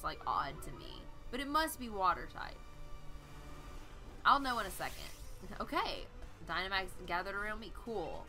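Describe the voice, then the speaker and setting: A woman's voice: medium pitch, pushed and bright. A woman hosting a video game let's play, chatting casually and giggling as she reads the game's dialogue aloud. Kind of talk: casual gameplay commentary.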